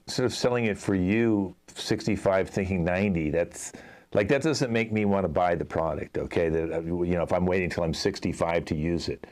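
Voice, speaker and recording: A man's voice: deep voice, a little mellow. A man hosting a live improv show, playing an exasperated commercial director who talks at length with many fillers. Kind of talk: improv comedy scene.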